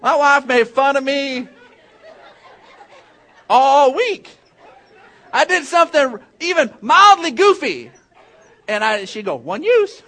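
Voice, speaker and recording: A man's voice: extremely high pitch, expressive, takes it slowly, long pauses, bright, forceful tone. A man preaching a sermon as pastor, telling a funny personal story and then making an earnest point to the congregation.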